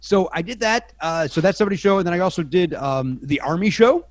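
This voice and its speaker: A man's voice: high-pitched, a little fast, no echo. A middle-aged man, a podcast guest, telling self-deprecating anecdotes in a rambling, casual way with lots of restarts.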